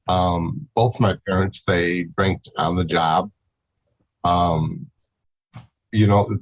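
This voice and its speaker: A man speaking as a podcast guest in casual, halting talk, full of fillers and pauses. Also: deep voice, rough recording. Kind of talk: casual interview chat.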